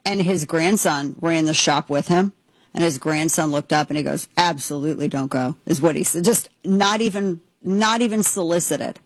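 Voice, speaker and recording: A woman's voice: on the low side, normal speed, no echo, poor audio. An American woman hosting political commentary, emphatic and opinionated, rambling with frequent restarts. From United States. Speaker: commentary host.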